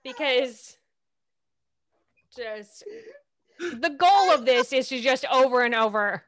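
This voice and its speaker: A woman's voice: high-pitched, animated, slow, a bit bright. A woman narrating a tabletop game as its game master, playful and amused.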